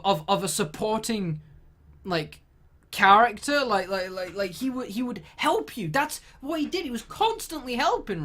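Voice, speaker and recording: A woman's voice: a little high, fairly bright tone. A woman delivering a sweary, exasperated comedic rant.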